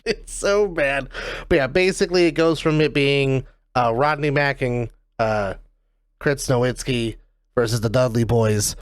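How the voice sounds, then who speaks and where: A woman co-hosting a casual wrestling podcast, recapping matches in animated, profane storytelling. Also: very deep voice, unhurried, no room sound. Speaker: podcast co-host.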